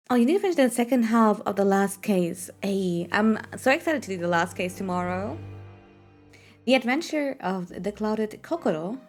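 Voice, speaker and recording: A woman streaming a game, chatting casually in a somewhat high voice. She rambles through fillers and drops swear words freely. Faint music sits behind her. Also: slow, a little mellow. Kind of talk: casual live-stream chat.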